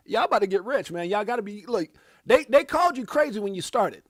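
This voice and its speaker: A man hosting a casual livestream, hyped and preachy, shouting out viewers by name. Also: sits high, very animated, a little fast, dry recording, studio quality. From United States. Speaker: livestream host.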